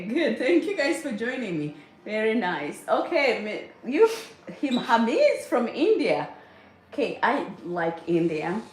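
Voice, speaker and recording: High-voiced chatty mom in echoey kitchen. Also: female voice. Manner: chatty, reads viewer comments aloud, frequent laughs. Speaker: livestream host, mother of a large family. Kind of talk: casual livestream chat while cooking. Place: home kitchen. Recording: echoey kitchen with faint noise.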